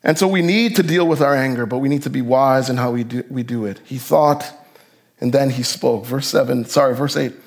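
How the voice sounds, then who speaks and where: A man preaching a sermon as pastor, animated, his voice jumping up for emphasis and then dropping low. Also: fairly quick. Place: church sanctuary.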